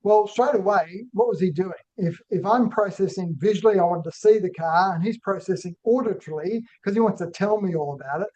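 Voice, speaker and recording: A man's voice: high-pitched, brisk, hardly any pauses, darkish tone. A man presenting a business webinar. He talks in a conversational way and keeps checking in with "right?". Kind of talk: business webinar talk with personal story. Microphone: online call microphone. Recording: dull lo-fi webinar audio.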